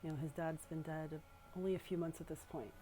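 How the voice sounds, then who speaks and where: A young woman with a low, dark, mellow voice tells a personal story in a rambling, halting way, swearing often and doubling back. Her delivery is casual and unscripted, her tone stays steady, and soft music plays behind her.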